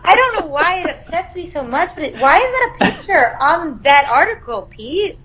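A woman's voice: extremely high pitch, sing-song, normal speed, fairly bright tone, low-quality recording. A woman co-hosting a casual podcast, reacting expressively and laughing easily. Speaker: podcast co-host. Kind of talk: casual chat.

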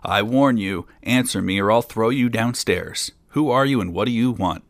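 Male reader as naive fearless farm boy, guileless and plain, gravelly, storybook. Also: fairly low pitch, normal speed, dry recording, lightly acted. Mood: defiant.

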